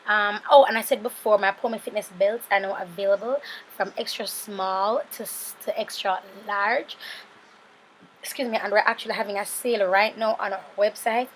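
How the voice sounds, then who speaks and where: Narrating a makeup tutorial, a sleepy, worn-out woman in her thirties speaks with a Jamaican accent, keeping it casual and drifting off into tangents for her viewers. She has a mid-range voice with fairly even intonation and normal speed, and there's a little background noise.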